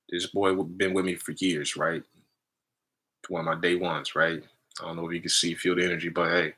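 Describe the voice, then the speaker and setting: A man's voice: deep voice, poor audio. A man hosting a spiritual healing live stream, teaching casually in loose fragments and tagging lines with "right?". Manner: energetic, emphatic.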